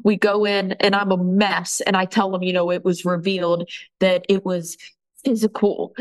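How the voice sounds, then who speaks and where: A woman telling her own painful story as a podcast guest, halting often and restarting her sentences. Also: medium pitch, level tone, poor audio. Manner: halting, with many restarts and fillers. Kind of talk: emotional personal account.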